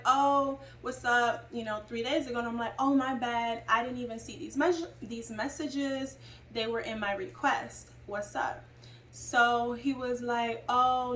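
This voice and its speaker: A woman's voice: fairly high pitch, a bit bright, far from the mic. A young woman telling a personal story in a chatty, rambling way, full of asides. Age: young adult. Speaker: vlogger. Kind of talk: casual storytime. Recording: roomy, away from mic, faint noise.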